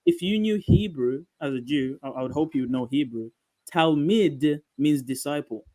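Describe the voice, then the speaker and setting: A man's voice: medium pitch, fairly quick, warm tone, no echo, poor audio. A man on a live panel, lecturing and citing religious texts in a debate. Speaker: panel guest.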